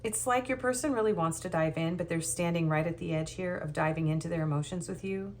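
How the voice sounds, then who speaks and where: A nervous woman reading tarot cards in a loose, rambling way, full of ums and small restarts. Her voice sits on the lower side, with a faint hum behind her. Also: quick pace. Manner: rambling, hesitant, with many ums and soft laughs. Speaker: tarot reader. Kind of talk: casual tarot reading monologue.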